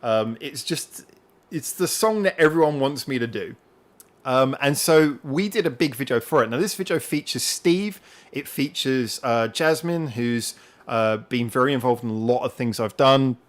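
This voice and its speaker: A man's voice: medium pitch, lively intonation, moderate pace. A man hosting a live chat as a musician, talking casually in a rambling, defensive way with many fillers.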